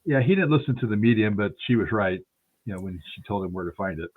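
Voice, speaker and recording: A man's voice: fairly low pitch, animated, fast, a little hiss or hum. A man hosting a radio interview, telling a rambling anecdote and acting out the dialogue in it. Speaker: radio show host. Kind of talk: casual storytelling interview. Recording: tinny phone-line sound.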